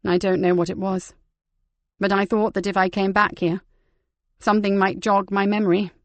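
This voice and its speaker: A man's voice: sits high, little pitch movement, moderate pace, dry recording, lightly acted. A woman voicing a worried man who serves as a parish vicar, speaking hesitantly. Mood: troubled. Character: troubled middle-aged male parish vicar.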